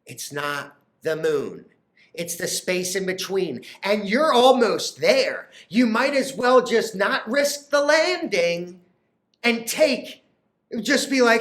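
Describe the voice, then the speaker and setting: A man hosting a stock trading video, talking in an animated, theatrical, profane rant. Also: high-pitched, unhurried. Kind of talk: excited stock market rant.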